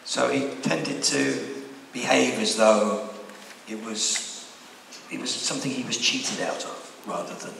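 A man's voice: medium pitch, measured pace, vocal fry, fairly bright tone, far from the mic, slight background noise. A man, an actor, answering fan questions at a convention panel in a wry, rambling, candid way. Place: large convention hall. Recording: echoey hall heard from afar.

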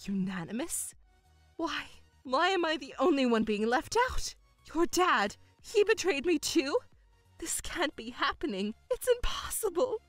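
A woman's voice: sits high, sing-song, unhurried, no echo, faint music behind. A woman voicing a self-pitying, controlling middle-aged mother who whines and stammers in outbursts, in a dramatized story. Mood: distraught.

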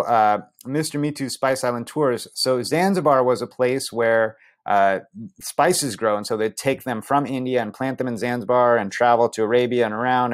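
A man casually narrating travel stories over photos, chatty and rambling with many fillers. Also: mid-range voice. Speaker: travel storyteller.

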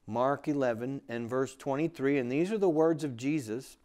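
A man teaching the Bible in a relaxed, conversational way. He often restarts phrases and grows emphatic when he quotes scripture. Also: medium pitch, moderate pace. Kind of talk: sermon teaching.

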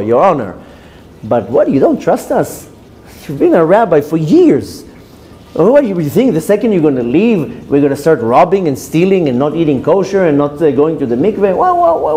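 A rabbi tells a story in a sermon, slipping into the voices of the people in it. His voice sits a little high for a man. The tone is mellow and soft. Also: a little hiss or hum. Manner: acts out quoted dialogue with shifting pitch. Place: women's institute classroom.

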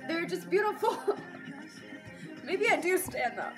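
A high-voiced young woman gushing through a reaction vlog, squealing and laughing often. Between outbursts she talks at an unhurried pace. Loud music from the video plays behind her. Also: animated. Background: music video playing.

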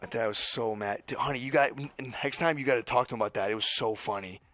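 A young man streaming, telling a story in casual, excited, profane chat full of restarts. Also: mid-range voice, fast.

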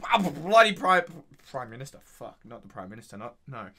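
Australian guy ranting and swearing, bright voice, bouncing all over the place. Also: mid-range voice, big pitch swings, brisk. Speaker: reaction video host. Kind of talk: casual reaction commentary.

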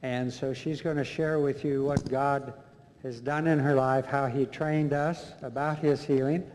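A man introducing the next speaker at a church meeting, in a friendly, relaxed way. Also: mid-range voice, measured pace, a little hiss or hum. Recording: reverberant church hall with crowd.

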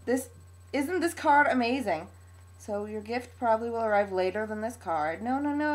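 A young woman opening a gift on her home vlog, gushing with excitable, breathless exclamations. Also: fairly high pitch, normal speed. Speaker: vlogger.

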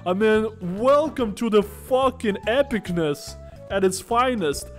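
Guy cursing and cracking up over retro games, high lively voice, kinda slow, little game music in the back. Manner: profane, joking, laughs often. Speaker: gaming commentator. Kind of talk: casual let's-play commentary.

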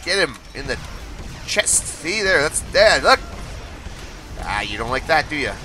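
Man, game streamer, excitable, bright lively voice, laughs a lot. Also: a little high, measured pace, a little hiss or hum. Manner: excitable, laughs often, trash-talks enemies. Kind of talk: live gameplay commentary.

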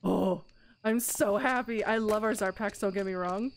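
A woman hosting a gaming let's play in casual commentary, excitable and quick to gasp and squeal at cute creatures. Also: medium pitch.

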